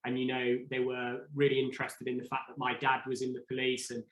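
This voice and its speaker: A man's voice: medium pitch, monotone, fast talker, a bit bright, roomy sound, poor audio. A man, a podcast guest, telling a story in casual chat, rambling and full of restarts. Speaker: podcast guest, former reality show contestant.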